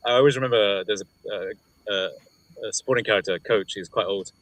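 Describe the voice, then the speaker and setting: A man's voice: fairly low pitch, fairly quick, a bit bright, no room sound, low-quality recording. A man being interviewed as an actor on a video call, hesitant and searching for his words. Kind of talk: casual interview chat.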